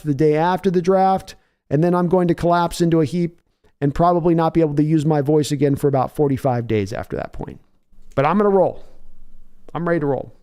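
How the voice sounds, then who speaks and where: A male sports podcast host chatting casually on a live stream, rambling between jokes and viewer questions. His voice sits on the higher side. He talks loosely, restarting sentences as he goes. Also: dark tone, clear, resonant tone. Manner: rambling, joking, answering chat questions.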